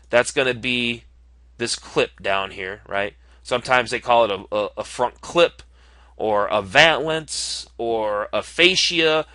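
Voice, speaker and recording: A man's voice: medium pitch, sharp tone, dry recording. A man talking casually as he clicks through options while building a car online, thinking aloud with frequent ums and uhs. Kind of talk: casual screen-recorded commentary.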